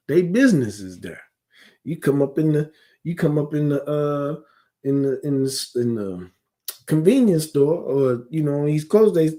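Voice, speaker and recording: A man's voice: medium pitch, mellow. A man teaching a scripture class in a heated, conversational way, often asking rhetorical questions and drifting into digressions.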